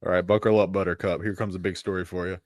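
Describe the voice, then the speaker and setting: A man's voice: low voice, level tone, fast, no echo, clean studio sound. A man co-hosting a live podcast as a coach, telling stories in a chatty way and laughing at himself. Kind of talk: casual live podcast chat.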